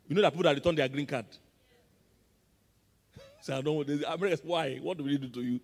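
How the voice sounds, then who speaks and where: A Nigerian man preaching from the pulpit, his voice pitched fairly high for a man. He drives his points with call-and-response, now loud, now soft. The sound carries a long reverb from a big church hall. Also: fast, vocal fry. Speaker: pastor. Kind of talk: sermon. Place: large church auditorium.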